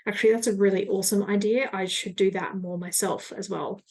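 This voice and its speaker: A woman's voice: mid-range voice, steady tone, fairly quick, a little mellow, slightly rough. A woman hosting a solo podcast, talking in a chatty, rambling, self-reflective way. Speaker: podcast host and business coach.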